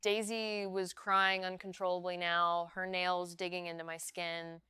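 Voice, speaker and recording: Slow, crisp woman narrating a tense story. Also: fairly low pitch, little pitch movement, sharp tone, no room sound, clean studio sound. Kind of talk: scripted first-person story narration.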